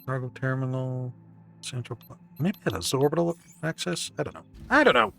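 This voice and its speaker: Man, game streamer, sweary and jokey, middle pitch, faint music behind. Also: fairly quick, vocal fry. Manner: sweary, jokey, reading chat aloud. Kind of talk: live-stream gaming chat.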